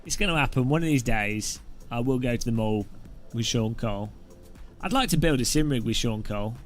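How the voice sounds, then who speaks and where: A man's voice: mid-range voice, lively intonation, a little fast, faint music behind. A man with a British accent chatting casually on a live stream, joking and rambling as he answers chat. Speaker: sim racing streamer.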